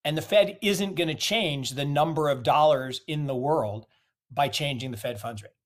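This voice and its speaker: A man's voice: a little high, moderate pace. A man giving opinionated market commentary in an interview, emphatic and fond of rhetorical questions. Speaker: guest commentator.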